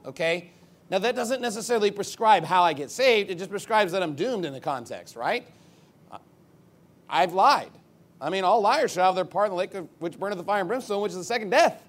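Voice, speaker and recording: This male pastor preaches off the cuff in a brisk, high-pitched voice with lively intonation. He sometimes rambles, and he grows emphatic whenever he reads scripture.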